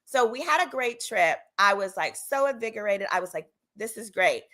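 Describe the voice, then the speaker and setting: Bright, sassy woman telling a story. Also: mid-range voice, moderate pace. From Texas. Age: 30s. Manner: animated, sassy, acts out quotes in different voices. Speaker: legal commentary host. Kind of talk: casual storytelling.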